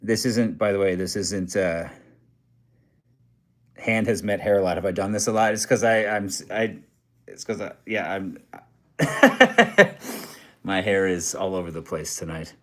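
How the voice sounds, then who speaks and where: A man's voice: low voice, steady tone, moderate pace. Tired, rambling Canadian man on a livestream. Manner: loose, self-deprecating, rambling with many fillers. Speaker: true crime comedy channel host. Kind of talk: casual livestream chat reading viewer comments. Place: hotel room.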